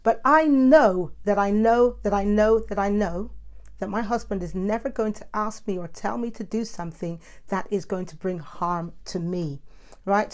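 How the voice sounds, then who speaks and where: A middle-aged woman, talking casually and animatedly in her own monologue, self-described as the mouthy one. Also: medium pitch. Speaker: host.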